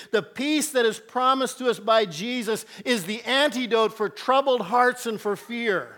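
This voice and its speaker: A man preaching a sermon as pastor, telling a Bible story earnestly and shifting between soft and loud emphasis. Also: extremely high pitch, lively intonation, a little slow, hardly any pauses.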